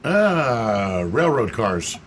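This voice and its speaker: A man's voice: medium pitch, sing-song, very slow, slight background noise. A man answering callers' car questions on a radio show in a matter-of-fact, explanatory way. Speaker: auto expert. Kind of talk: radio call-in chat.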